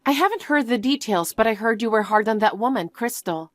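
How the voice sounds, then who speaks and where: A woman voicing a kind, apologetic middle-aged mother in a one-voice story narration, speaking gently. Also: fairly high pitch, lively intonation, brisk, no echo, natural voice. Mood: concerned.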